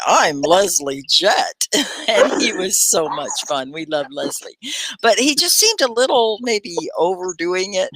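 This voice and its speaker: A middle-aged woman from Texas hosting a live online English lesson, chatty and clearly articulated, greeting viewers by name. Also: low-pitched, a bit bright. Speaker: English teacher and livestream host.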